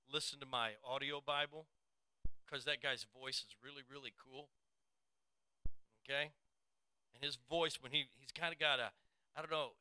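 A man preaching a sermon, chatting in a rambling, folksy way before reading scripture slowly in a raised voice. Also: fairly high pitch, bright, forceful tone, clean tone, dry recording, low-quality recording. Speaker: pastor.

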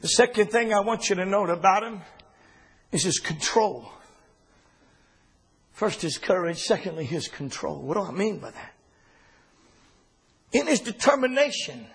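A man preaching a sermon in an impassioned style, often rising to shouts and dropping low for quoted words. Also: animated, a little slow, long pauses, slightly rough.

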